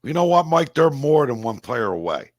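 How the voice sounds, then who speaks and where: A man's voice: medium pitch, big pitch swings, moderate pace, no echo, studio quality. A man co-hosting a casual sports podcast, frank and emphatic, often repeating his point. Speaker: podcast co-host.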